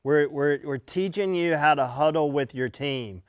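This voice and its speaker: Brief: male host, goofy self-mocking banter, higher voice, dry close mic. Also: unhurried, clear, resonant tone, no echo. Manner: playful, self-mocking, stumbles over lines. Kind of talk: casual chat.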